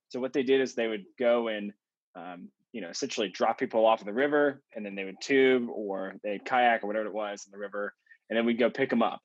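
A male podcast guest giving storytelling interview answers, animated and acting out the voices of people he quotes. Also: lowish voice, dry recording, highs cut off. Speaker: podcast guest, marketing consultant.

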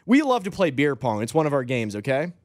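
Animated man telling a story. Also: medium pitch, fairly quick, dry recording, clean studio sound. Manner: animated storyteller, addresses listeners as folks. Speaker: podcast co-host. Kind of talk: casual chat.

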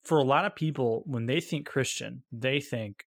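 A young American man co-hosting a podcast, telling animated stories about church culture with many restarts. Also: medium pitch, normal speed, creaky, dry recording, studio quality. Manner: animated storyteller, frequent restarts. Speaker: podcast co-host.

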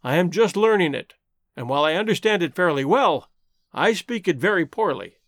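Tarzan, a calm, courteous jungle man, as a man reads him. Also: high voice, brisk, no echo, studio quality. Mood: polite.

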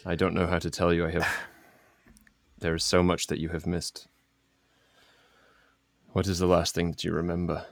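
A man's voice: low voice, monotone, normal speed, vocal fry, long pauses, no echo. A man playing an earnest male adventurer in a tabletop role-play, speaking in a solemn, formal way as he explains things. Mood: urgent.

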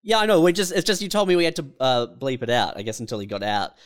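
A man co-hosting a podcast, his pitch lively and bouncing as he talks. He laughs a lot and jumps in with questions in loose, casual chat. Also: fast talker. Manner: laughs often and cuts in with questions. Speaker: podcast co-host.

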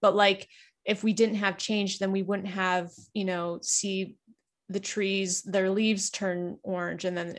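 A woman's voice: medium pitch, level tone, slow. Canadian-born woman opening up as a podcast guest, earnest and reflective, lots of "like" and "you know", mid-range voice. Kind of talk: candid personal conversation.

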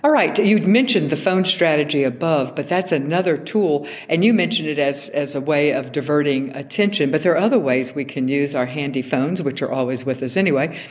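A woman's voice: deep voice, brisk, hardly any pauses. A woman hosting an interview, chatty and self-mocking, with frequent filler sounds. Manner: chatty, laughs at herself, many ums and uhs. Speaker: host.

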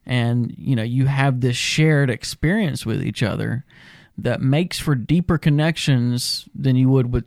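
A man with a smooth, resonant voice speaks earnestly and reflectively about recovery and stumbles over restarts now and then. He sounds close and dry, with no room echo. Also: mid-range voice, a little mellow. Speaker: podcast co-host in recovery. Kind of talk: casual conversation.

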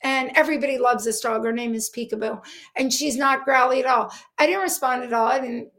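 A woman's voice: high-pitched, a little fast, a bit bright. A middle-aged woman dog trainer explaining things earnestly in an interview, with many fillers. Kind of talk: interview answers.

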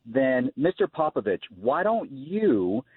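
Indignant male radio caller, husky voice, tinny phone line. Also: medium pitch, big pitch swings, slow pace, no echo. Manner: indignant, rhetorical. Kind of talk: phone call to talk radio.

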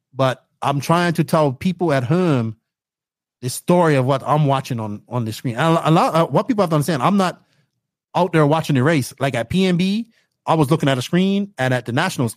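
A young man from Bermuda telling stories as a podcast guest, excitable and animated as he acts out his own reactions. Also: on the high side, dry recording, studio quality. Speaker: podcast guest, race commentator. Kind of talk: casual interview storytelling.

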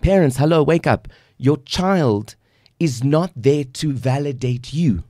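A man's voice: on the high side, slow, warm tone, no room sound, studio quality. A man from South Africa, a guest life coach on a podcast, talking in an emphatic, preachy way and acting out little quotes. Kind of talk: casual podcast conversation.

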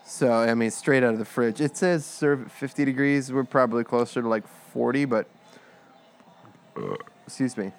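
A man co-hosting a casual beer review chat, relaxed, telling stories and cracking dry jokes. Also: mid-range voice, normal speed, smooth. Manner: relaxed, dry joking, storytelling.

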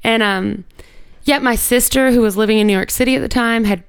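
A woman's voice: fairly high pitch, brisk, clear, resonant tone, no room sound. A woman, an interview guest, telling a personal story in a casual, candid way, peppering her speech with "like" and the odd swear word. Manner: conversational, heavy use of "like", candid with swearing.

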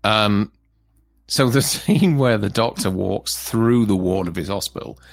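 A man co-hosting a casual film review chat, animated and laughing often. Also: lowish voice, a little slow, creaky, dry recording, clean studio sound. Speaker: co-host.

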